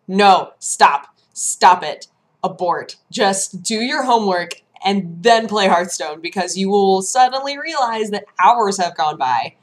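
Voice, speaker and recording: A woman vlog host chatting casually and telling lively stories, acting out her own reactions in hushed voices. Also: medium pitch, unhurried. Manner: animated storytelling, acts out her own quotes in hushed voices. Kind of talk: casual chat.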